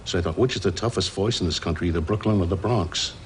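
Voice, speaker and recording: A man, a voice actor, in an archival interview, telling stories in a relaxed way with frequent chuckles. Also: sits low, fast talker, a little hiss or hum. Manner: relaxed storytelling, chuckles often.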